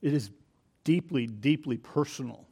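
A man's voice: mid-range voice, normal speed, warm tone, husky. A man teaching a Bible study in an earnest, reflective way, often restarting sentences and adding asides.

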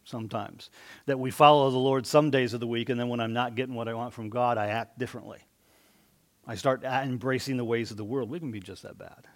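A man preaching a conversational sermon, rising for emphasis and dropping soft. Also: mid-range voice. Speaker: pastor.

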